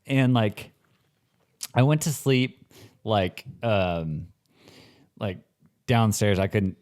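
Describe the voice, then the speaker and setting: A man's voice: fairly low pitch, lively intonation, extremely slow, darkish tone. A man in his forties, co-hosting a comedic podcast in a rambling, casual way, full of "like" and swearing. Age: 40s. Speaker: podcast co-host.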